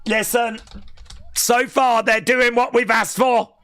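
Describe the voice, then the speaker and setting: A man hosts a live wrestling watch-along, calling the action with sarcastic, teasing remarks. His voice sits fairly high and bright, and he speaks at an unhurried pace. The sound is close and dry. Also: fairly even intonation, no echo. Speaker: live stream host.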